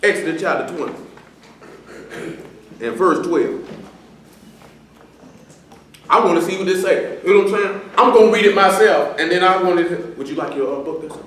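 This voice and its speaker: Standing before the congregation in a church assembly room, a man with a high-pitched, slightly bright voice scolds a young man while preaching, stern yet slangy and conversational. He speaks at normal speed but pauses often. The mic is distant, the hall echoes, and there's faint noise.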